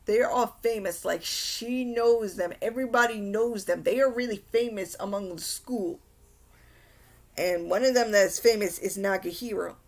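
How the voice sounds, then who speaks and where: A woman's voice: medium pitch, normal speed. A young woman giving a casual anime recap, rambling and exasperated, with frequent restarts. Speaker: anime reviewer.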